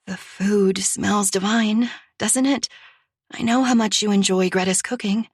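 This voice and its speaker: A man voicing a timid, frightened young woman who speaks meekly and softly. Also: high-pitched, steady tone, measured pace, husky, no echo, clean studio sound, voice pushed up, full character voice. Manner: meek, soft-spoken.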